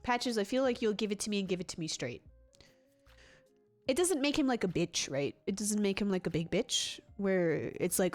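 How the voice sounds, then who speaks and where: A woman hosting a relaxed gaming livestream, chatting loosely with her viewers at an ordinary middle pitch. She rambles, restarts her sentences and breaks into laughs as she answers the chat. Faint music plays softly behind her. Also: moderate pace.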